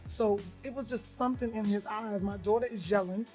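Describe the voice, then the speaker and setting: A woman's voice: medium pitch, fairly even intonation, a little fast, over music. A woman co-hosting a podcast, telling a personal story bluntly in casual chat and acting out the voices she quotes. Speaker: podcast co-host.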